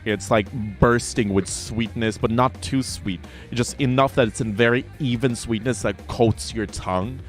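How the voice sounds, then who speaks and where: A man's voice: mid-range voice, normal speed, few pauses, soft background music. A man running a tabletop game as game master, describing scenes vividly and at length with plenty of fillers.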